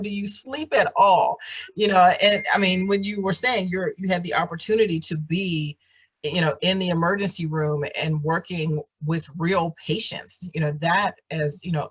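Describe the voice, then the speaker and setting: A woman's voice: sits low, husky. A woman hosting a casual video call chat, encouraging and full of fillers and restarts. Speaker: program host.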